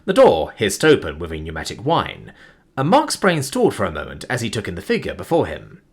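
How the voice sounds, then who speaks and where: A man narrating a science fiction story as an audiobook reader, with an expressive reading. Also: lowish voice, breathy edge.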